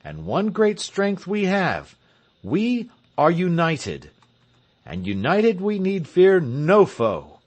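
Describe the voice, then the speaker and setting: Male narrator voicing William Tell: resolute folk hero, declamatory, slow and sweeping delivery. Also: high-pitched, huge pitch swings, voice pushed up, heavily acted. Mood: rousing. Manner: stirring, declamatory. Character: William Tell, resolute heroic marksman leader. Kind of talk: audiobook character reading.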